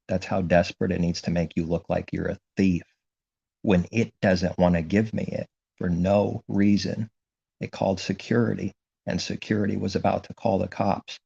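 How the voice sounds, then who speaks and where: A low, gravelly man preaches in an indignant, repetitive monologue. His voice is dark and husky, and the recording sounds dull and lo-fi. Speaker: religious commentator. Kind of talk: impassioned religious monologue.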